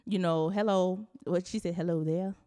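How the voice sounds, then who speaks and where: A woman co-host with a somewhat low voice for a woman, who talks emphatically and exclaims often. She speaks in a casual, conversational way while chatting with her co-host. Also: steady tone, normal speed, dark tone. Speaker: podcast co-host and page admin. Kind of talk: casual chat.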